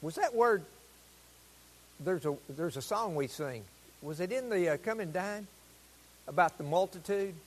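Brief: preacher, man, very high and lively voice, exuberant sermon, long reverb of a church hall. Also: unhurried, long pauses, a little hiss or hum. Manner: exuberant, rising to loud proclamations. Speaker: pastor. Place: church sanctuary.

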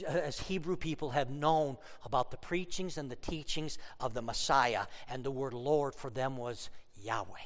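A man preaching a sermon, telling stories with humor and sudden loud outbursts. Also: mid-range voice, big-room sound. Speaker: pastor.

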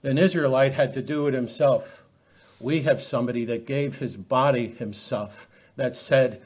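A man's voice: mid-range voice, moderate pace, darkish tone, slightly rough. A middle-aged man preaching a sermon, emphatic and full of rhetorical questions.

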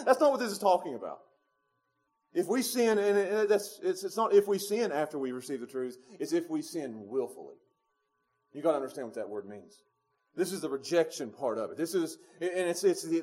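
A man, preaching a sermon in a church, moving between quiet low passages and loud emphatic peaks with chuckles. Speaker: pastor. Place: church sanctuary.

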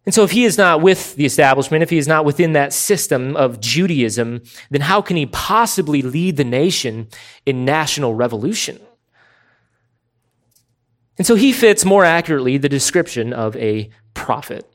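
A man preaching an expository sermon, emphatic and deliberate, slowing down to stress key words. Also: on the high side, animated. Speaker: pastor.

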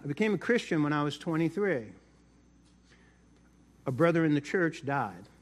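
A man's voice: fairly high pitch, lively intonation, moderate pace. A middle-aged man preaching a sermon, telling a personal story in a chatty way and often repeating words. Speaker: pastor.

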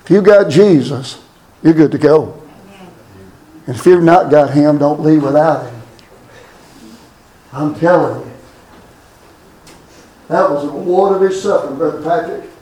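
A man preaching a funeral sermon, loud and fervent, with drawn-out lines. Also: a little high. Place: church or funeral hall. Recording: echoey room from far off.

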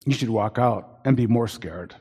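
A man's voice: lowish voice, normal speed, warm tone, slightly rough. A male pastor preaching a sermon with an earnest, warning manner, often restarting his sentences. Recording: long hall reverb.

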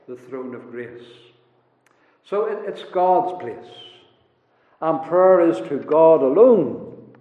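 A man preaching a sermon to a congregation, emphatic, with dramatic swings between quiet and loud passages. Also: sits high. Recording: echoey hall, dull lo-fi sound.

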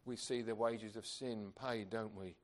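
A man's voice: fairly low pitch, fairly even intonation, a little slow. Earnest male preacher, emphatic. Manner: earnest, emphatic, with rhetorical questions. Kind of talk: sermon.

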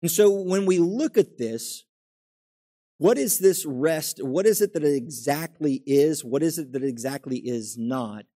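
A man's voice: on the high side, expressive, unhurried, mellow. A middle-aged male pastor preaching a conversational sermon, asking his congregation questions and acting out everyday quotes.

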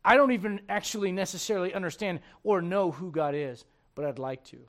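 A male pastor preaching a sermon, swinging between shouted intensity and hushed, gentle tones. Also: high voice, fairly quick.

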